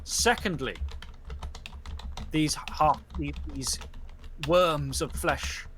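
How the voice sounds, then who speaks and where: A man voicing an imperious spirit judge who pronounces formal judgments slowly. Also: on the high side, fairly bright tone, slight background noise. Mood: scornful.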